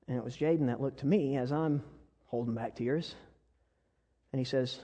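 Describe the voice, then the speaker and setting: A man preaching a sermon, telling stories with passion and sometimes dropping to a soft, intimate voice. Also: mid-range voice, normal speed. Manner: impassioned storytelling that drops to soft, intimate tones. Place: church sanctuary. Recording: long reverb of a large church hall.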